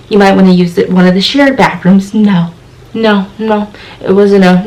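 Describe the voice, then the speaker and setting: A young woman telling a story to camera, acting out her own lines with big jumps in pitch. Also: normal speed, vocal fry, rough recording. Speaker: storytime vlogger.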